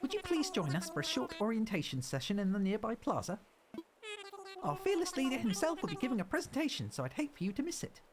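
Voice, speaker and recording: Man playing a tiny raccoon shop helper, squeaky, chirpy, polite, lively. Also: fast, crowd noise. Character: small eager male raccoon shop helper.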